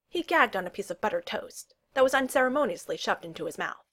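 Woman reading a story aloud, lively pitch. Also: fast, hardly any pauses. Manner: reads narration evenly and voices the characters' lines with lively pitch jumps. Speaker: audiobook reader. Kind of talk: storybook narration.

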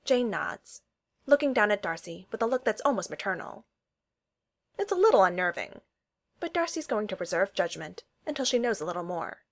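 Casting: woman storyteller, lively intonation, reading fiction aloud. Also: mid-range voice, normal speed.

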